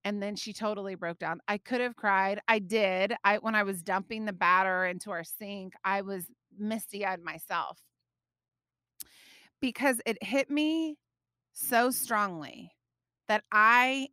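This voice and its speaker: Woman host in her thirties, devotional podcast, bright and animated, dry close sound. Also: medium pitch, measured pace, clean tone, no echo. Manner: animated, chatty, frequent laughs; frequent fillers such as like and you know. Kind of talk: personal devotional storytelling.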